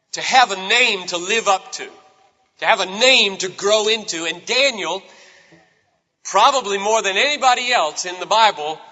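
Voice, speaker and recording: Bright-voiced man preaching in a hall. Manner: emphatic preaching, sweeping pitch swings. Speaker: pastor. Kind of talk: sermon with scripture reading. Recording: old sermon tape, long hall reverb.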